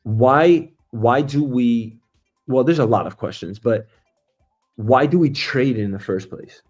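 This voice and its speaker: A man's voice: darkish tone, husky, soft background music. A man hosting a casual livestream, talking in a profane, rambling way and acting out little scenes. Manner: profane, rambling, acts out scenes with big pitch jumps and drawn-out words. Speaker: show host.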